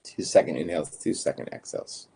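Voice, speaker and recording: A man guiding a breathing practice, calmly counting breaths and giving short instructions. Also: sits low, fast talker, creaky, slightly rough. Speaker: breathwork guide.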